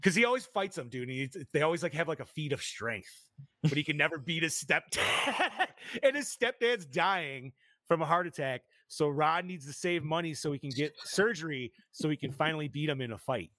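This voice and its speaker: A man hosting a casual movie-review podcast, excitable, swearing often and saying dude a lot. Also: on the high side, normal speed, dry recording, clean studio sound. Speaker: podcast host.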